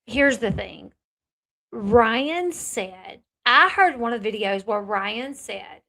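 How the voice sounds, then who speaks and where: A woman's voice: a little high, expressive, slow pace, gravelly, pushed and bright. A woman hosting a reaction channel, commenting bluntly and sarcastically on clips she plays.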